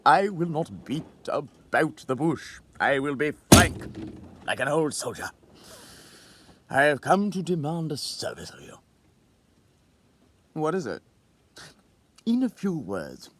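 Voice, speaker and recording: A man's voice: on the high side, big pitch swings, slow, long pauses, a bit bright, pitched above the performer's own voice, exaggerated voice. A man voicing an anxious, eager old male clerk who once served as a soldier, pleading and stammering in a raised voice.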